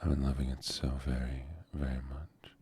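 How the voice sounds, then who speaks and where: A man streaming a video game and chatting with his viewers, soft-spoken and goofy, close to the microphone. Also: a bass voice, flat delivery, normal speed, husky, no room sound. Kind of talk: soft-spoken gaming livestream chat.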